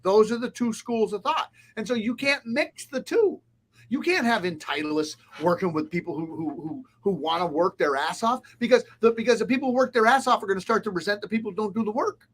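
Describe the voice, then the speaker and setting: His voice sits high and a bit bright, moving a little fast, as a restaurant consultant offers advice during a casual interview. He's blunt and emphatic, ticking off points in a list.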